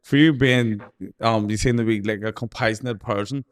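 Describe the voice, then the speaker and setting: A man hosting a podcast, asking casual questions in a loose, halting way. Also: on the low side, steady tone, dry recording, clean studio sound. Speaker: podcast host.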